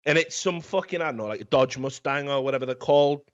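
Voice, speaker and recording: A film review podcast host with a mid-range voice talks fast in a casual, comedic review. He tells the story in a rambling, profane way, and the recording sounds dull and lo-fi.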